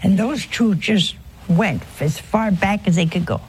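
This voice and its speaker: A woman in an informal religious broadcast, telling a story earnestly and with emphasis, sometimes dropping to a hushed voice. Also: medium pitch, a little slow, a little hiss or hum. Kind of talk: informal spiritual talk with a story.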